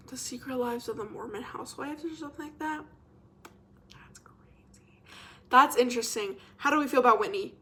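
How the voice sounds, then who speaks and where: A young woman vlogger in a casual, rambling chat to camera, expressive and self-mocking. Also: fairly high pitch.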